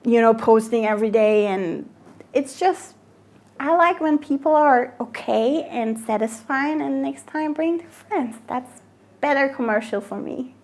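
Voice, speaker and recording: A woman's voice: high-pitched, unhurried. A woman who grew up in Germany and owns a cafe, talking in a documentary interview and acting out quoted dialogue with frequent laughs. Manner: lively, acts out quoted dialogue, laughs often. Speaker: cafe owner.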